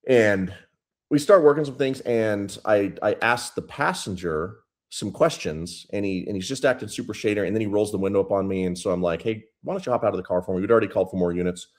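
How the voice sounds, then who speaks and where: A man's voice: lowish voice, quick pace. A man in his thirties, a police sergeant guest, telling a story bluntly and profanely in a casual interview. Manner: blunt, profane, intense retelling.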